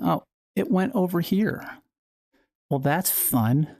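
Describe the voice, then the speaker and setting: A woman's voice: fairly low pitch, animated, takes it slowly, dark tone, no echo. A woman hosting a casual livestream at home while playing VR, rambling and playful with frequent restarts. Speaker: livestream host.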